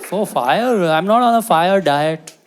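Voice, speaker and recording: A man doing a stand-up comedy set, with exasperated, incredulous rants and sudden loud outbursts. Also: high-pitched, animated, slow. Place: comedy venue, on stage before an audience. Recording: live show with crowd laughter and noise.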